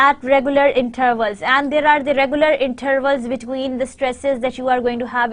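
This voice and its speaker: A woman lecturing on pronunciation, explaining with many fillers and slowly modelling example words. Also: high-pitched. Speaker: university lecturer. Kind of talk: recorded lecture.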